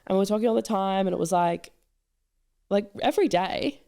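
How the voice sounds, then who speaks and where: A woman, a guest on a podcast, tells a story in chatty, casual talk. Her voice has gravelly vocal fry and a mellow, warm tone. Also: mid-range voice, brisk. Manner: chatty, filler-heavy storytelling. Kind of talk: casual chat.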